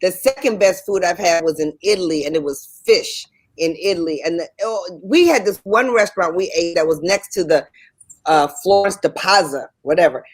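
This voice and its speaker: A woman's voice: fairly low pitch, normal speed, breathy edge. A woman co-hosting a radio talk show, chatty and emphatic, repeating herself for effect. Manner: chatty, emphatic storytelling with repetition. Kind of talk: casual chat.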